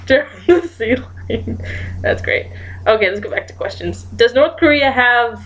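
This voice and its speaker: A woman talks through a guessing game in a relaxed, unhurried way, reading prompts aloud and giggling at her own guesses. Her delivery is slow, with a faint hiss in the background. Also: fairly high pitch. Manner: giggly, thinks aloud while typing guesses. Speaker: gaming YouTuber. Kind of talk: casual gameplay commentary.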